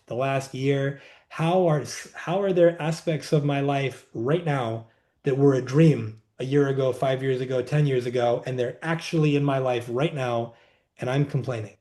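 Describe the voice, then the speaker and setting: A man as a podcast guest, calmly explaining a wellness practice in a reflective, conversational way, seated indoors. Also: medium pitch. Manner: reflective, unhurried, says "like" often. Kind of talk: conversational interview, teaching.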